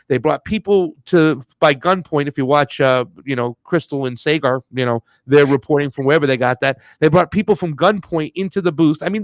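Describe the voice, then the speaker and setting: A man's voice: on the high side, dry recording. A man co-hosting a casual political chat show, blunt and heated, talking in loose slang. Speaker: co-host.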